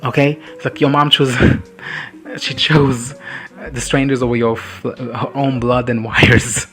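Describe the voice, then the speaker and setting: A man's voice: mid-range voice, flat delivery, measured pace, a bit bright, soft background music. A man casually recapping a show in a reaction video, rambling, swearing and laughing often.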